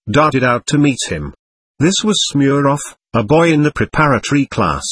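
A man reading a novel aloud as an audiobook narrator, measured and expressive. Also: mid-range voice, husky, dry recording. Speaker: audiobook reader.

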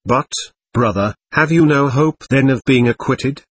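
A man reading the part of a gentle, devout young man, speaking softly and hesitantly in a husky voice. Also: medium pitch, a little slow, no echo. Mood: anxious. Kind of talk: audiobook reading.

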